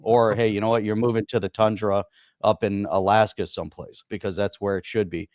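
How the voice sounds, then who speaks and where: A man's voice: fairly low pitch, flat delivery, brisk, a little mellow, no echo, clean studio sound. A man co-hosting a casual podcast, talking in a rambling, emphatic way full of "you know" fillers. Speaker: podcast co-host. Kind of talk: casual political chat.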